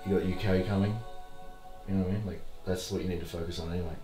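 Low-voiced sneering man. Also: fairly even intonation, very fast, over music. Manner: sneering, mocking, swearing. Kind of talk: heated argument, documentary footage. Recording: roomy room echo.

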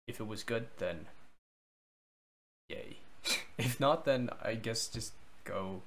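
A man's voice: mid-range voice, slow, noisy background. A man narrating his vacation vlog in a casual, rambling, offhand way. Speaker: vlogger narrating his trip.

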